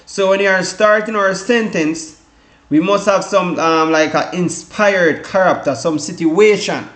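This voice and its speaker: A man's voice: high voice, a little slow, fairly bright tone. Caribbean guy tutoring for an exam, chatty and rambly, lots of "all right guys", echoey room. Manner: rambling, repeats "guys" and "all right", many fillers and restarts. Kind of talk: casual exam-prep lesson.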